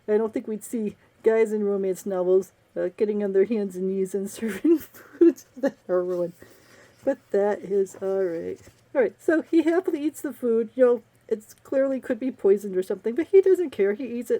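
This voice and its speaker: A woman's voice: medium pitch, moderate pace, mellow. A woman and romance novelist giving a casual, sarcastic book review, laughing often.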